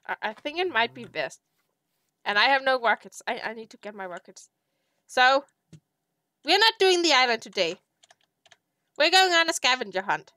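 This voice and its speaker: A woman's voice: mid-range voice, bright, forceful tone. A woman giving gameplay commentary, talking to herself and to in-game animals, swinging into melodramatic mock outrage and fake sobbing. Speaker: streamer playing a survival game.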